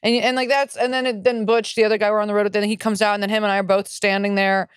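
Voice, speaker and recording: A woman's voice: medium pitch, flat delivery, fast, clean tone, dry recording, studio quality. A young woman stand-up comic co-hosting a podcast, ranting with heavy swearing and big bursts of energy. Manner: profane, riled-up ranting. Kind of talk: ranting casual chat.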